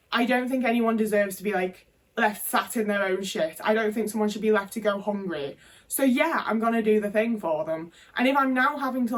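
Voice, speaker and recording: A woman's voice: medium pitch, recorded from a distance. A British woman talking candidly into her phone in a casual monologue, frank and rambling, with plenty of fillers and swearing. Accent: British English. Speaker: vlogger. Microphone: phone camera.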